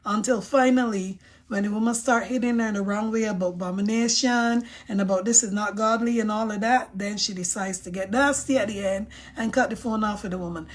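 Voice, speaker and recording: A woman's voice: mid-range voice, fairly quick, hardly any pauses. A woman hosting a casual live stream, reading viewer comments aloud and giving her emphatic, outspoken opinions.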